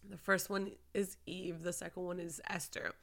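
A woman pastor giving a casual faith talk to her viewers, emphatic and swinging from quiet to shouting. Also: fairly low pitch, little pitch movement, moderate pace, creaky. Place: lives in Florida.

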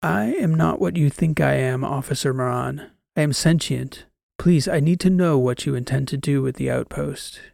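A calm, formal old android with a very gravelly voice, as a male narrator puts him on. He speaks in precise, measured sentences and pleads earnestly. The sound is dry and close, as in a storybook reading. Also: a little high, no echo.

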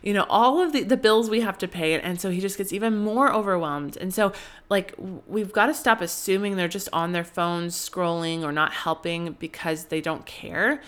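A woman in her thirties speaks in a slightly low voice as a podcast host. She gives advice in an earnest, reflective, chatty way. She often stops to add fillers as she thinks aloud. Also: normal speed. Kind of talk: casual advice talk.

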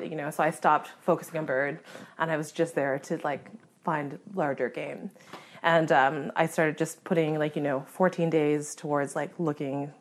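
With a low-pitched voice, a woman appearing as a guest hunter tells a story in conversation. She's lively, laughs frequently and dramatizes her own reactions.

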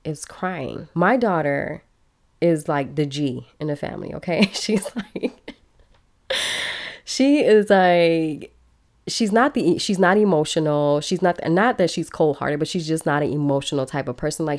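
A woman in her thirties, from Belize, telling a personal story in an animated, conversational way and talking straight to her listeners. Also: sits low. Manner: animated, conversational, laughs while telling, addresses listeners as y'all. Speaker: podcast host.

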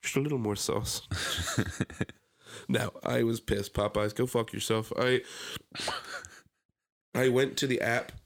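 A man's voice: medium pitch, measured pace, creaky, long pauses. A young man with a Philadelphia-area American accent, chatting casually on a podcast and acting out his stories with lots of swearing. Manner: animated storytelling, swears a lot, acts out quotes loudly. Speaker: podcast co-host. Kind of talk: casual chat.

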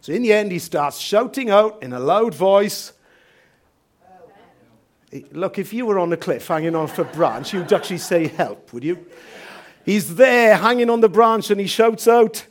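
A man preaching a sermon as pastor in a church, telling stories lively and asking rhetorical questions. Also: high voice, normal speed, slight background noise.

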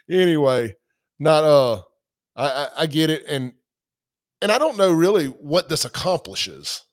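A man's voice: on the high side, big pitch swings, a little slow, no echo, studio quality. A man hosting a livestream, talking casually, reading out comments and quotes. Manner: casual, conversational, reads comments and quotes aloud. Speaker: podcast host.

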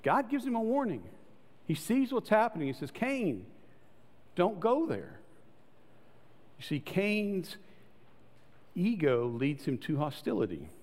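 Animated male preacher in a reverberant hall. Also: slow pace, pauses often. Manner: conversational preaching, acts out voices with rising pitch. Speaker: pastor. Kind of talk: sermon.

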